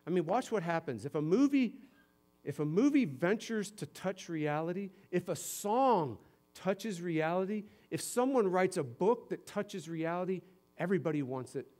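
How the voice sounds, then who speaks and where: A man from Connecticut preaching a sermon as pastor, conversational and lively, moving between quiet and emphatic stretches. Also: sits high, normal speed. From Connecticut, USA.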